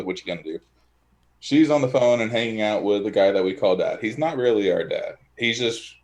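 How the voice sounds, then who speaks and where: A man with a fairly low voice tells a rambling, animated story in casual conversation at home. He acts out the lines of everyone in it as he goes. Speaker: guest, e-liquid maker.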